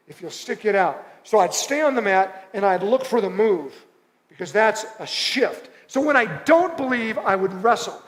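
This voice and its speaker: High-voiced male pastor in a reverberant hall. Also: fairly bright tone. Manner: conversational, emphatic repetition of short phrases. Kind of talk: sermon. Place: church auditorium. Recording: long reverb of a church hall.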